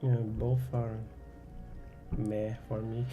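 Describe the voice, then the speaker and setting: A man's voice: fairly low pitch, flat delivery, slow pace, phone-quality sound, faint music behind. A man playing a tabletop game, speaking hesitantly with many fillers. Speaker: player. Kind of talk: casual tabletop play.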